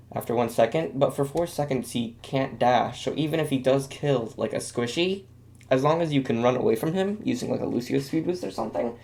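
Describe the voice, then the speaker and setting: A man's voice: medium pitch, vocal fry, darkish tone. A young man giving casual video game commentary, rambling and self-deprecating with lots of fillers. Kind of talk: casual commentary while drawing.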